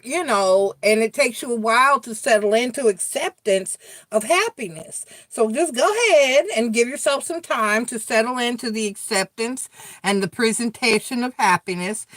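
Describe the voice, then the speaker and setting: With a mid-range, slightly bright voice and no echo, a middle-aged woman runs a laid-back live tarot chat. She's blunt, talkative and swears a lot while addressing her viewers directly.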